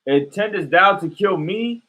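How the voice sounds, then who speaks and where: A man reading scripture aloud at a steady, measured pace during a sermon. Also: high voice, phone-quality sound. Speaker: scripture reader.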